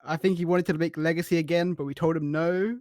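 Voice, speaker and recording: A man's voice: a little high, steady tone, fast talker, a little mellow, no echo, clean studio sound. A man chatting casually as a guest, joking and laughing a lot. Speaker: guest team captain's teammate. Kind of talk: casual chat.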